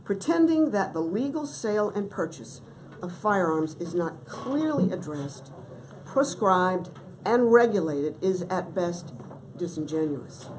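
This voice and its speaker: A middle-aged woman delivers formal testimony to a committee in a fairly low voice. She is measured and emphatic and leans on key words. A faint hiss of the hearing room sits under her. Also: lively intonation, darkish tone, low-quality recording. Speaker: testifying witness.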